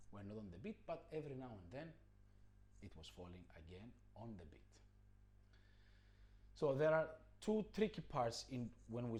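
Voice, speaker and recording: A man's voice: medium pitch, darkish tone, slight background noise. A man teaching a rhythm lesson, explaining patiently and chanting counting syllables. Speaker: music teacher.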